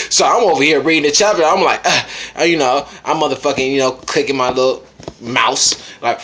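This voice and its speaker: A man who is high and tipsy, reviewing a manga chapter in a casual, profane vlog full of slang and laughing asides. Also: fairly quick, pushed and bright.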